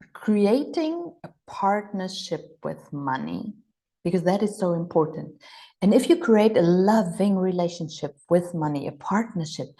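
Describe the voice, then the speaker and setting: A woman's voice: fairly low pitch, darkish tone. Woman, upbeat online mentor, exclamatory and playful. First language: German. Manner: enthusiastic, exclamatory, acts out gushing voices. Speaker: healing and money mentor. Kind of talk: live online coaching session.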